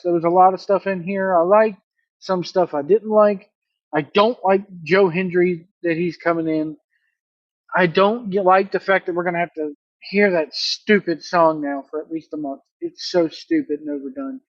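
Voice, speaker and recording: A man recapping a wrestling show in a casual solo review, blunt and opinionated, with animated play-by-play. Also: sits high, moderate pace, dry recording, muffled recording.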